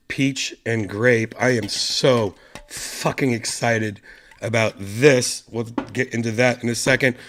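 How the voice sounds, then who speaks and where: A man hosting his own online show, hoarse from a lost voice and talking quietly and softly to spare it. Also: medium pitch. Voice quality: gravelly. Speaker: podcast host. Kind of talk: casual solo stream chat.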